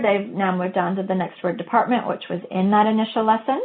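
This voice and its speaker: A woman's voice: mid-range voice, steady tone, fairly quick. A woman presenting an educational webinar, explaining step by step and modeling teacher talk in a methodical way. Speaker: webinar presenter on reading instruction. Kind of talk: explanatory lecture. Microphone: webinar audio. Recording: tinny phone-like audio.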